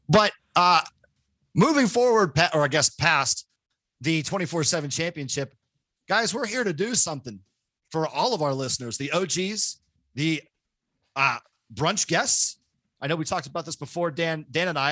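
A man hosting a casual podcast chat, loud and excitable, joking at his own expense into his microphone. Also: fairly high pitch, no echo. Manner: loud, excitable, self-mocking. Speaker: podcast host. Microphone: home podcast microphone.

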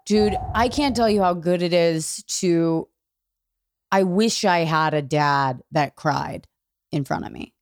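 A woman comedian guesting on a podcast, her voice sitting a little low. She talks candidly and animatedly, swearing freely. The sound is dry and close to the mic. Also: takes it slowly, no echo. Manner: candid, profane, animated storyteller. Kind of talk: casual podcast conversation.

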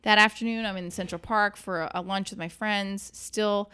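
A woman's voice: mid-range voice, moderate pace, slight background noise. A woman comedian telling a story on a podcast in a casual way, swearing now and then and acting out the voices of the people in it. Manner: animated, acts out the voices of people in her story. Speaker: comedian guest.

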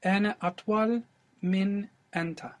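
A man's voice: high-pitched, fairly even intonation, slow. A man learning Arabic in a one-on-one lesson, answering and repeating his teacher's prompts a little hesitantly. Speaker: language learner.

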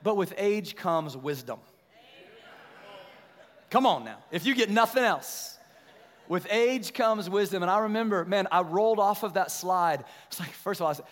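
A middle-aged male pastor preaching a sermon, telling a story with animated energy and then pressing his points with slow emphasis. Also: sits high. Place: church sanctuary. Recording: long hall reverb.

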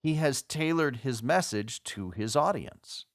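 A man hosting a podcast as a PR consultant, explaining politics in a measured way and posing rhetorical questions. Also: mid-range voice, animated, no room sound, clean studio sound. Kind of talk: scripted podcast commentary.

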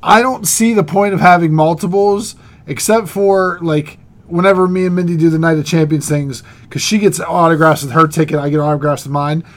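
A man's voice: fairly high pitch, fairly even intonation, fairly quick. A man co-hosting a casual podcast chat, talking like an eager, chatty fan. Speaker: podcast co-host.

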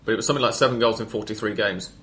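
Podcast host, male, low-ish voice, chatty and rambling, stops to fix his own facts. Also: bright, forceful tone. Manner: rambling, stops to correct himself, quick with stats. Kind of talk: casual football podcast chat.

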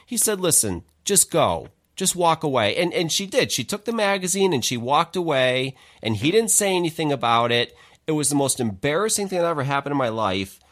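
Man in his forties, podcast host, lively pitch, laughs a lot, casual storytelling. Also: a little fast, hardly any pauses. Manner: animated, laughs often while telling stories.

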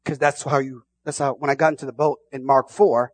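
A man pastor preaching a sermon, moving from quiet asides to shouted, fervent passages. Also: medium pitch, steady tone, a little fast.

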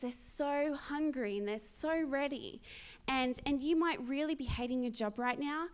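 A woman's voice: high voice, moderate pace. A young woman preaching a sermon, earnest and conversational, telling a personal story with many restarts and sudden bursts of energy. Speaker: speaker at a church.

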